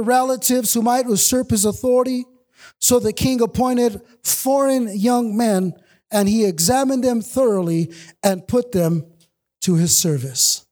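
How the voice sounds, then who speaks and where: High-pitched male pastor, fervent sing-song sermon delivery with shouted refrains. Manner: impassioned preaching, sing-song cadence, shouted repetitions.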